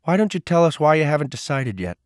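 A man's voice: fairly high pitch, big pitch swings, fast talker, no room sound, studio quality, pitched above the performer's own voice. A man voicing an older male mentor who presses questions persistently. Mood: probing.

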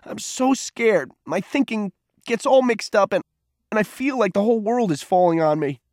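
A man voicing a frightened, tearful teenage boy who lashes out, in a high, strained, sobbing tone. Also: lively intonation, moderate pace, a little mellow, no room sound, clean studio sound. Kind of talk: audiobook character voice.

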